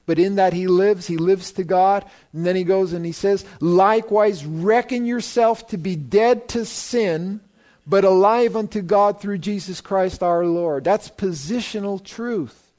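High-voiced man preaching a sermon. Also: dark tone. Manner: emphatic preaching with rhetorical questions to the congregation. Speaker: pastor.

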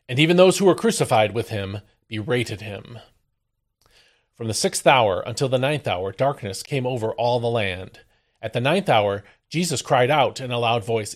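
A man hosting a daily devotional, reading a Bible passage aloud and then explaining it, with expressive emphasis on the quoted lines. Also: medium pitch, normal speed. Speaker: devotional host. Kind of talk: scripture reading and devotional commentary.

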